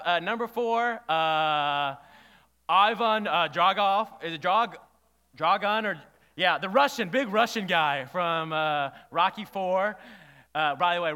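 Male pastor, casual sermon, a touch high and very clear, long church reverb. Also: sharp tone. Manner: conversational, engages the congregation with questions. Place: church hall.

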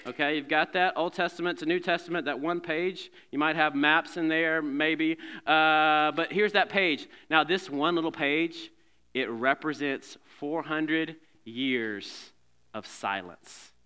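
A man's voice: on the high side, steady tone, moderate pace, few pauses, sharp tone, smooth. A man preaching a sermon to a congregation in a conversational way, with joking asides between scripture readings. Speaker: pastor. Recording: long hall reverb.

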